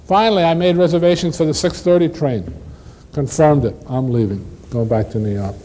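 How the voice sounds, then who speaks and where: A man performing a one-man stage play, telling a first-person story with dramatic pauses and shifts in pace. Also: a little high, dark tone, low-quality recording.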